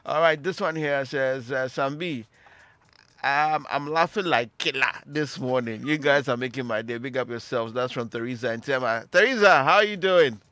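A man's voice: medium pitch, normal speed, bright, forceful tone, dry recording. A man with a Ghanaian English accent hosting a live radio show, reading out listener messages and teasing his panel. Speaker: radio host.

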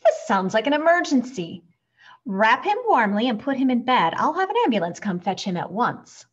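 A woman's voice: mid-range voice, sing-song, moderate pace, breathy edge. A woman voicing a kindly, composed male children's doctor with a comforting bedside manner, on a dull recording. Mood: soothing.

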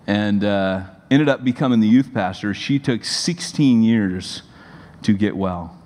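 A man in his forties, a pastor, giving a sermon in a conversational, animated storytelling manner. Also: lowish voice, unhurried. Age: 40s. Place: church sanctuary. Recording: long reverb of a large hall.

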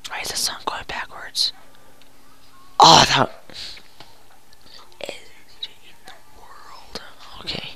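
A gamer giving goofy, excitable commentary while playing a hockey video game, groaning and yelling at each play. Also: slow pace, pauses often, whispered.

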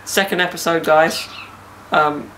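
A man's voice: a little high, steady tone, slow pace, sharp tone, slight background noise. A young man hosting a casual podcast outdoors in a garden, bantering and joking with slang. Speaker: podcast host.

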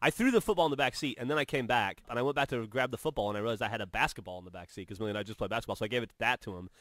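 With a mid-range voice that races along, this man hosts a podcast and shares funny stories in a relaxed, casual way. He swears freely and acts out the lines he quotes, keeping things animated.

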